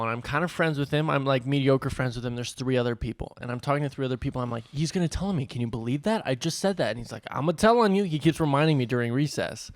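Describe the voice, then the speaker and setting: A man's voice: medium pitch, no room sound. Californian guy telling a story on a podcast, laughing a lot, dry mic. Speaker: podcast co-host. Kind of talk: casual storytelling.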